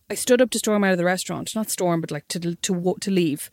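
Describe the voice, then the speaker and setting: A woman's voice: lowish voice, quick pace, a little mellow, no room sound, studio quality. A young Irish woman, a podcast co-host, telling a story in casual chat and acting out the quotes.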